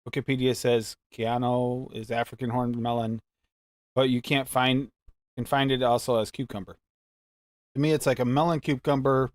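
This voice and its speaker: A man's voice: mid-range voice, little pitch movement, normal speed, no room sound. A man hosting a live mixing show, chatting casually and reading recipes aloud in a rambling, musing way. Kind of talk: casual live-stream chat.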